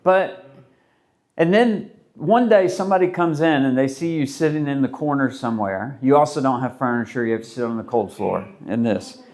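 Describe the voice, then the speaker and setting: A man's voice: mid-range voice, normal speed, darkish tone. A man preaching a sermon as pastor, in a conversational, rambling way with many restarts and rhetorical questions.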